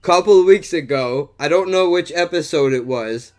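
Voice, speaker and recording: A man hosting a podcast, telling a story in a casual, animated, profane way and saying "dude" and "bro" a lot. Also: a little high, normal speed. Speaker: podcast host.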